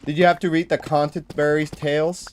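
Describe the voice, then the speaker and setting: Boston-accented gamer host, somewhat high voice, jokey and animated. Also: male voice, brisk, a little hiss or hum. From Boston area. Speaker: livestream host. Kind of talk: casual chat.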